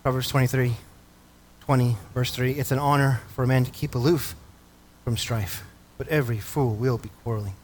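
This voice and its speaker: A man's voice: mid-range voice, fairly even intonation, normal speed, a little hiss or hum. A male pastor preaching a sermon, reading scripture and asking the congregation questions. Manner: earnest preaching, asks the congregation questions, reads scripture aloud.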